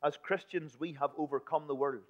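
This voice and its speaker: A man preaching a sermon in a church, emphatic one moment and hushed the next. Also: fairly high pitch, fairly even intonation, normal speed. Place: church building. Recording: dull lo-fi recording.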